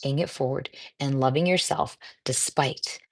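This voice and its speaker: Host: middle-aged woman from the US, low voice, casual and encouraging livestream chat, reads viewer comments. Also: moderate pace, vocal fry. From United States. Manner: chatty, warm and encouraging, with frequent fillers. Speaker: cancer coach hosting a livestream.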